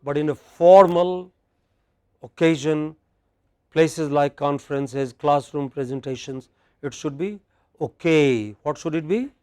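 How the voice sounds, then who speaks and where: A man with an Indian English accent teaching in a classroom, leading a drill and stressing each word loudly for the class to repeat. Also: fairly high pitch, unhurried.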